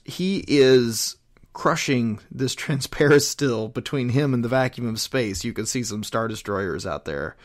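Man, casual retelling, rambling, fillers, unhurried pace, mid-pitched. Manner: rambling, with many fillers and restarts. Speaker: host retelling a comic storyline. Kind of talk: casual chat.

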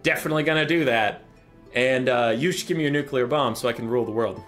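A man's voice: mid-range voice, fast, fairly bright tone, soft background music, voice pushed down, lightly acted. A man voicing a scheming, greedy male rat sorcerer with a whiny, grasping manner.

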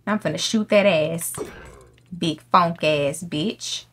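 A woman streamer giving loud, profane, excitable commentary while playing a game, shrieking when something startles her. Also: on the low side, a little slow, background noise. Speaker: gaming streamer. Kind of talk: let's play commentary.

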